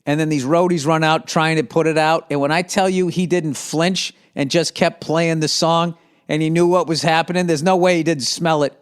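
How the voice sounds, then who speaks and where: A man's voice: a little high, fairly even intonation, normal speed, clean tone. A man hosting his own podcast, rambling loosely and swearing as he tells stories. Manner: loose, profane, storytelling. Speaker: podcast host. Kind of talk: casual solo rambling.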